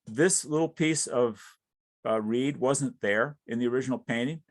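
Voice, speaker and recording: A middle-aged man, a wildlife artist, giving an informal talk about his career with many halting fillers. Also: mid-range voice, dry recording.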